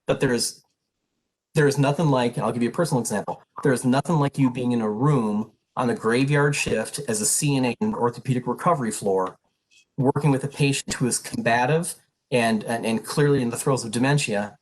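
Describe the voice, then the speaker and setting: A middle-aged man with a slightly husky, breathy voice addresses prospective students at an info session. He talks in an earnest, emphatic and direct way, at a mid pitch. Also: brisk, low-quality recording. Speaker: pre-health program advisor and instructor.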